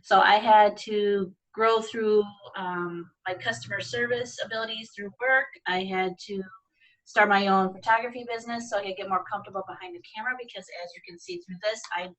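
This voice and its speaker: A woman's voice: medium pitch, steady tone, brisk, a bit bright. Nervous woman on a video call, lots of ums, sounds kinda far off from her laptop mic. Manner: nervous, hesitant, many fillers. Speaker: guest. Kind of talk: casual video-call chat.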